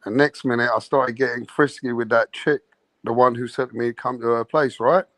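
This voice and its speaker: A man's voice: mid-range voice, fairly even intonation, a little fast, fairly bright tone, dry recording. Crude man telling a wild story. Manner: crude, swaggering, laughs through his own story. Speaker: host. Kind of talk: late-night podcast storytelling.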